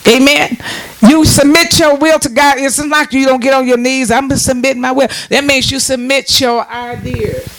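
A man preaching a sermon, calling out to the congregation for responses and rising into shouts. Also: very high voice, level tone, normal speed, faint music behind.

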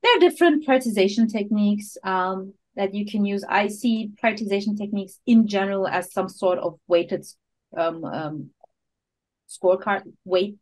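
Speaking at a moderate pace in a mid-range voice, this woman is a product management coach guesting on a podcast, captured in a low-quality recording. She works through ideas step by step with fillers, restarts and frequent laughter, occasionally hunting for the right English word.

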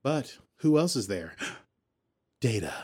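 A man in a mid-range voice tells a story in a loose, chatty way, with plenty of "uh"s and "he's like" asides. He slips into quick voices for the characters and then drops back into his easygoing narration. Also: medium pitch, slightly rough. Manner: animated storytelling, acting out characters' lines. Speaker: podcast host recapping a TV episode. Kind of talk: casual recap chat.

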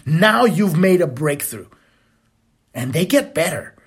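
Male podcast host, spiritual monologue, husky voice, lively swooping pitch, casual and blunt with profanity. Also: slow.

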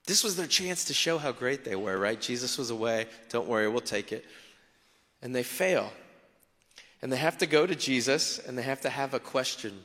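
A man, a pastor, preaching a sermon in a conversational, animated way with acted asides. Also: medium pitch, normal speed, long reverb tail.

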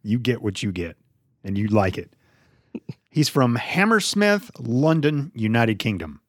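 A man's voice: medium pitch, very animated, measured pace, no echo, studio quality. A man co-hosting a casual movie review podcast, blunt and sarcastic, swearing freely. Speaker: podcast co-host.

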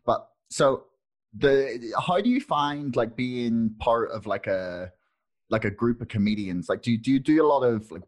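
A man hosting a casual interview, asking loose, rambling questions and laughing easily. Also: mid-range voice. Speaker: podcast host.

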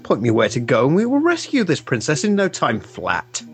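A man doing a gruff boastful dwarf warrior. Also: fairly high pitch, huge pitch swings, normal speed, soft background music. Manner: blunt, curt boasting.

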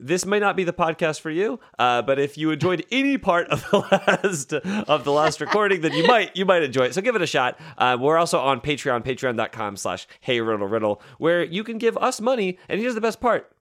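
A man's voice: on the high side, animated, a little fast, hardly any pauses, fairly bright tone. A man from Chicago, an improviser guest on a podcast, riffing in playful rambling comic chat. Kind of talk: casual comedic chat.

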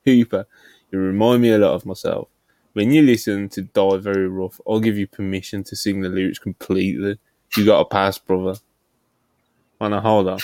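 Laid-back low-voiced male podcast host. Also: flat delivery, moderate pace, a little mellow, dry recording. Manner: laid-back, laughs often, swears casually. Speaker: podcast host reading out donations. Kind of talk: casual chat.

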